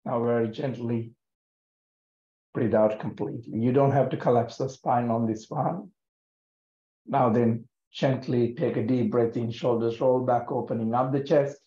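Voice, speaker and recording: A man guiding a yoga breathing practice in a gentle, calm and soothing way, with many pauses. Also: medium pitch. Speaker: yoga teacher. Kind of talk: guided yoga breathing instruction. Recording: echoey room, dull lo-fi sound.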